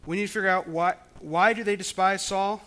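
A man's voice: high voice, fairly even intonation, brisk, sharp tone. A man preaching a sermon, explaining scripture in a conversational way with frequent restarts. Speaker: pastor.

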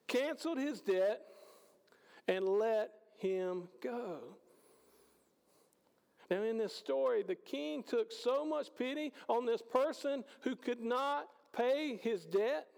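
Male preacher, high and gravelly, conversational sermon, long hall echo. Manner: conversational preaching, swings between loud and hushed. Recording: hall reverb.

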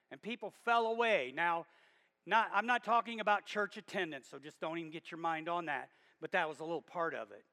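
In a hall with long reverb, a high-pitched, sharp-toned man delivers a sermon directly to his congregation. He is emphatic, driving his points home in bursts of volume.

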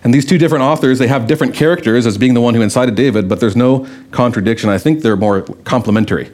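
A man's voice: medium pitch, fast, darkish tone. A man preaching a sermon in a conversational way, asking rhetorical questions and telling stories. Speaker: pastor.

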